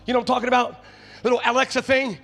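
High-voiced, sharp-toned male preacher. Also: level tone, racing. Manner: builds from quiet storytelling to shouted exhortation; calls out to the congregation. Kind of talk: sermon. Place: church stage before a live congregation.

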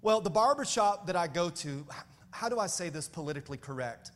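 A man with a notably high voice preaches a storytelling sermon, animated and often calling out to his congregation. His voice rings through a church hall with a long echo. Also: a little fast. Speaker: pastor.

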